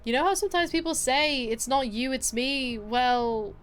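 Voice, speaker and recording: A woman's voice: sits high, normal speed, smooth, faint music behind, pitched above the performer's own voice, natural voice. A woman voicing a tender, dramatic young woman love interest from a game, earnest and emotional. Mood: hurt.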